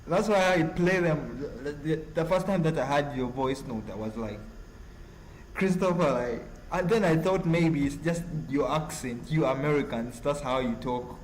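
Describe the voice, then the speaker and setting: A Ugandan man with a Ugandan accent hosts a casual live stream, reading chat messages haltingly and rambling with lots of fillers. His voice sits on the high side, and the poor audio carries slight background noise.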